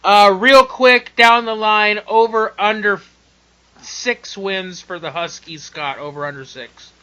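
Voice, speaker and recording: A man hosting a casual sports chat, joking and teasing his co-hosts with quick asides. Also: high voice, sharp tone, clean tone, poor audio. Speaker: podcast host.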